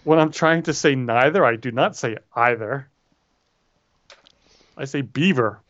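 A man's voice: mid-range voice, unhurried, fairly bright tone, dry recording. Man, casual podcast co-host, rambling, wry, dull lo-fi sound, dry. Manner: rambling, self-correcting, wry. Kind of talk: casual chat. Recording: dull lo-fi audio.

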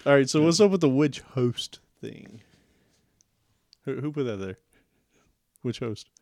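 A man's voice: mid-range voice, expressive, a little slow, gravelly, darkish tone, no room sound, clean studio sound. A man co-hosting a casual tech podcast, easygoing and rambling. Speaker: podcast co-host.

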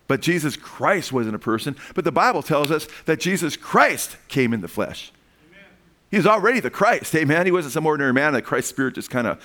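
A man preaching a sermon, emphatic and rising to excited peaks, often asking his listeners for an amen. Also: mid-range voice. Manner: emphatic preaching with frequent call-outs for amen. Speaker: pastor.

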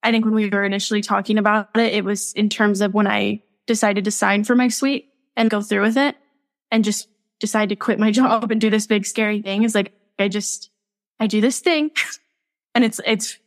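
A woman's voice: medium pitch, steady tone, moderate pace. Candid, giggly young woman guest. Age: young adult. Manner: candid, laughs often, filler-heavy. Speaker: podcast guest. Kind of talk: casual podcast interview.

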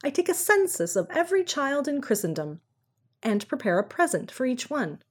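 A woman voicing a kindly old Santa Claus, gentle and earnest, speaking in a confiding, fond way in a storybook reading. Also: high voice, sing-song, normal speed, pitched above the performer's own voice. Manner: warm, confiding, fond of toys.

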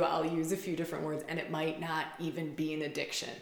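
A woman with a slightly low voice talks in a loose, rambling monologue, piling up repeated words for emphasis. The sound is roomy and echoey. She sounds intimate, as though she is speaking to a small group of students. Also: little pitch movement, a little fast, gravelly. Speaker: spiritual facilitator. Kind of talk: casual monologue.

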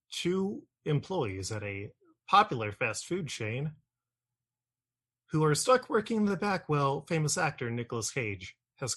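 A man guesting on a casual tabletop gaming podcast, joking in a dry, deadpan way. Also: mid-range voice, slightly rough.

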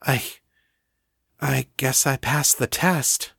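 A man reading a young man's lines in his own voice, low and teasing. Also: a little slow, creaky, fairly bright tone, no echo, clean studio sound. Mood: hesitant.

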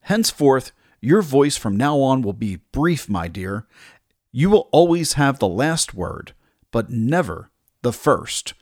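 A man's voice: mid-range voice, sing-song, slow, darkish tone, dry recording, studio quality. A man voicing a scornful, furious goddess queen. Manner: scornful, pronouncing a curse.

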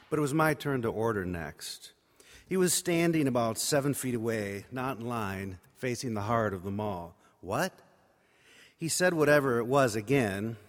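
A man preaching by telling a personal story in a wry, conversational, self-mocking way. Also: mid-range voice. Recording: reverberant hall.

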